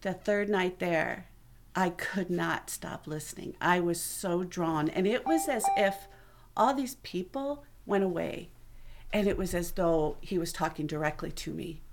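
A woman's voice: on the low side, measured pace. A middle-aged woman telling her personal testimony to a church congregation in an earnest, conversational way. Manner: earnest, conversational storytelling that acts out quoted voices. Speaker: church member giving a testimony.

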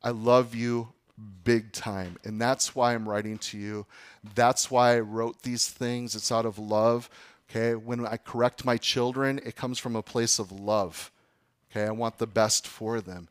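A man preaching a sermon as pastor, talking to the congregation in a conversational way and often checking in with "okay" and "guys", sometimes rising to emphatic, louder peaks. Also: mid-range voice, little pitch movement, unhurried, clear, resonant tone, no room sound.

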